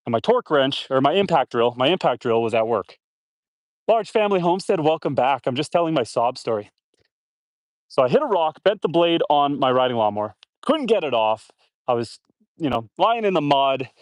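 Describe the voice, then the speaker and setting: A man's voice: fairly high pitch, animated, a little fast, dry recording, clean studio sound. Chatty homestead man talking outdoors. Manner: rambling, chatty, talks to viewers and animals. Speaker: homestead livestreamer. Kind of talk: casual live-stream chat. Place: outdoors on a homestead, watering trees.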